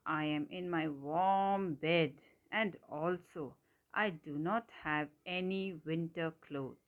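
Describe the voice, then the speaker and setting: A woman voicing a grumpy, timid male toad who speaks slowly and stubbornly and cries out loud and shrill. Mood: stubborn grumbling. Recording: muffled lo-fi recording.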